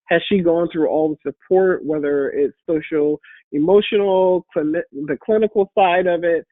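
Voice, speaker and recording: A woman with a deep voice, congested and a bit hoarse from a cold, giving an upbeat, encouraging webinar talk as a guest speaker. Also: normal speed, no echo. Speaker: guest speaker and patient advocate. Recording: phone-like online call audio.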